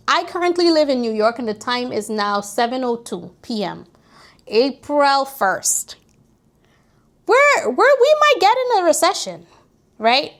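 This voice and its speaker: Young woman vlogger with a high voice; animated, preachy advice straight to her viewers. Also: vocal fry. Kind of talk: casual advice monologue. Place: New York, recording outdoors near street traffic.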